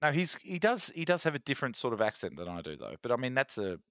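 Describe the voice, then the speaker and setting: Australian male streamer host, casual chatty delivery, very animated pitch, dry dull mic. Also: fast, no room sound. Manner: chatty, reads chat aloud, animated rants. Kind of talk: casual live-stream chat.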